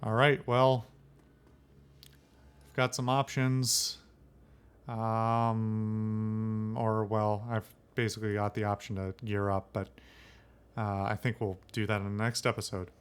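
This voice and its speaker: A man's voice: lowish voice, level tone, unhurried, clear, resonant tone. A man hosting a let's play who gives rambling, opinionated commentary. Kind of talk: casual game commentary.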